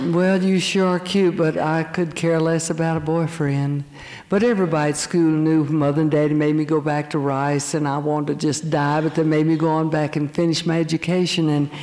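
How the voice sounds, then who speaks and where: An older woman telling her church testimony, animated and quick to laugh. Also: low-pitched. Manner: animated storytelling, laughing often. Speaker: speaker giving a testimony. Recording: long hall reverb.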